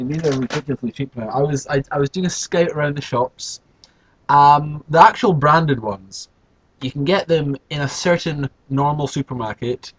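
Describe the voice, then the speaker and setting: A man's voice: breathy edge, poor audio. A man hosting a comedic solo vlog, rambling theatrically and often interrupting himself. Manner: rambling, theatrical, with self-interruptions and big pitch swings. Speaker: vlogger host.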